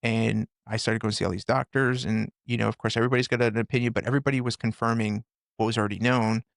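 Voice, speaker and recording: A man in his forties, a former first responder, candidly retelling hard experiences on a podcast with intense, animated delivery. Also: medium pitch, quick pace, vocal fry, no room sound, studio quality. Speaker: podcast guest, former police officer and firefighter. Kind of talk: candid personal storytelling.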